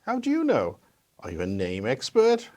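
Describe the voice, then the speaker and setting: A man's voice: medium pitch, big pitch swings, moderate pace, a little mellow, breathy edge. A man voicing a talking male viper with a British accent in a radio play, wry and teasing.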